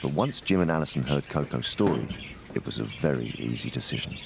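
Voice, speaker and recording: A man narrating a documentary in a calm, measured, scripted way. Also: extremely low pitch, vocal fry, noisy background. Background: music.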